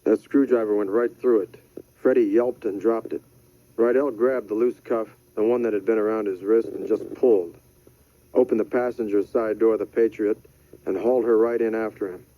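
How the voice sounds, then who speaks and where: A man narrating a thriller audiobook in a measured, deadpan manner. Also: on the low side. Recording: dry, slightly dull studio audio.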